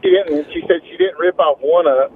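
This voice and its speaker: A man's voice: fairly high pitch, a little fast, a crowd in the background. A man calling in to a radio show, talking in a wry way with some laughter. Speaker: caller. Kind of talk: call-in radio chat. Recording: tinny phone line.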